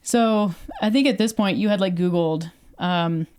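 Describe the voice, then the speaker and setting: A woman's voice: medium pitch, measured pace, smooth. Chatty woman telling a story. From Canada. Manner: animated storyteller, acts out quoted dialogue, many fillers. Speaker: podcast co-host. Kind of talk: casual storytelling chat.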